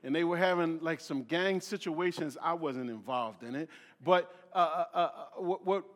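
In a sermon echoing with long hall reverb, a male preacher from Philadelphia reads scripture aloud and interprets it. His voice is a little high at normal speed, and he often stumbles, repeats words, restarts, and leans on fillers.

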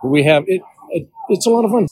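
A man's voice: high voice, expressive, fast, darkish tone, slightly rough, no echo, rough recording. An older man who works as a range master, telling hunting stories in a folksy way during an interview. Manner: folksy storyteller who acts out the voices of people in his stories. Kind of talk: storytelling interview answers.

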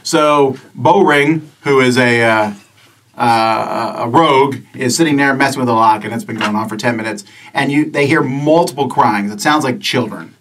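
A man's voice: mid-range voice, moderate pace, fairly bright tone. A man running a tabletop game as game master, narrating scenes in a chatty way with frequent restarts. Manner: chatty, stumbling restarts while describing scenes. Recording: distant mic.

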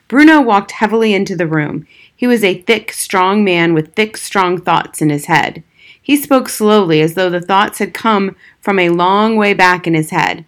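Woman reading a children's novel. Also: fairly low pitch. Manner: measured storytelling. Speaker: audiobook reader. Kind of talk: scripted narration.

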